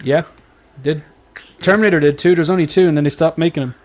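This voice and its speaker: A man's voice: fairly high pitch, fast talker. Rambling, self-interrupting male host. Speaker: panel host. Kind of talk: casual panel chat.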